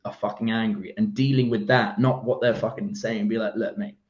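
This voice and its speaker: A man's voice: on the low side, fairly even intonation, fairly quick, reverberant, a little hiss or hum. A young man co-hosting a casual podcast chat, swearing freely and laughing as he acts out quoted lines. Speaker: podcast co-host. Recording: dull lo-fi recording.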